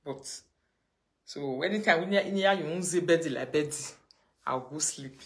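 A woman with a Nigerian accent chatting casually with fans on a live phone video, telling stories in lively pidgin and laughing often. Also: low voice, unhurried. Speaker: social media live streamer.

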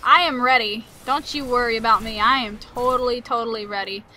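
A woman host giving playful, excitable let's-play commentary, taunting enemies and making silly sound effects as she plays. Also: a little high, a little fast. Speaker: gaming channel host.

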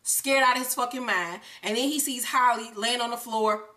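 High bright profane woman recapping TV. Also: normal speed. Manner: animated, profane, acts out characters. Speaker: TV recap host. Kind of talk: casual profane episode recap.

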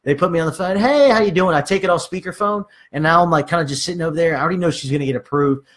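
A man's voice: on the high side, steady tone, rapid-fire, fairly bright tone. A man giving casual sales training, acting out conversations with clients and using many fillers.

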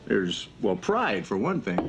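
A lively-voiced smooth team executive. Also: male voice, on the low side, a little slow, over music. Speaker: team manager and talent scout. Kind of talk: 1970s TV drama acting.

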